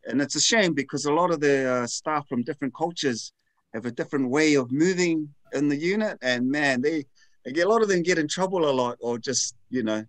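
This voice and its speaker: A man working as a nurse, speaking as a guest in a hesitant, soft-spoken way. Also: a little high, a little fast, dry recording. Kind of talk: casual chat.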